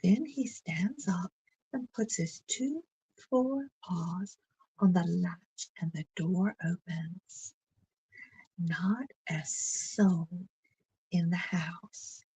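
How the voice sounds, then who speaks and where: A woman storyteller reading a bedtime story aloud in a gentle, soothing way that often sinks close to a whisper. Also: on the low side, very slow, husky, no room sound, rough recording.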